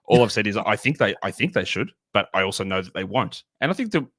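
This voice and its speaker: A man with a somewhat low voice, guesting on a casual podcast. He analyses fantasy basketball picks in loose, winding sentences full of restarts and "like". His voice sounds dry and close. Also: very animated, fast, fairly bright tone, dry recording. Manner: rambling, self-correcting, lots of "like".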